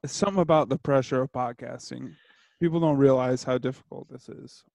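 A man's voice: mid-range voice, fairly quick, creaky, darkish tone, no room sound. A man co-hosting a casual podcast, making playful jokes and wry asides. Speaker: podcast co-host.

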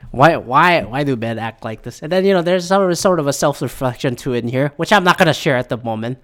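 A man's voice: fairly high pitch, fairly bright tone. A young man in a casual, rambling opinion rant, heated and full of profanity.

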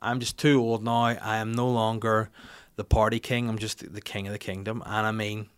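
A middle-aged man, hosting a podcast and telling comic stories in an animated, sweary way. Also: on the low side, normal speed, smooth. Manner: animated, acts out the people in his stories, swears. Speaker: podcast host. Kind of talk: comic storytelling rant. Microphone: studio mic.

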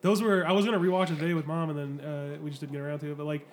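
Young male co-host, rapid casual banter, profane, slightly high voice. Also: level tone. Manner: rambling, swears freely, many fillers. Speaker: podcast co-host. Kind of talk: casual chat.

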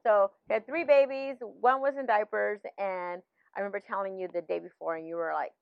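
A woman's voice: mid-range voice, brisk, creaky, clear, resonant tone, no room sound. Middle-aged woman telling a faith story. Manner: animated storytelling, many fillers and restarts. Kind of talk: personal faith testimony in casual talk. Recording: dull, slightly lo-fi, dry sound.

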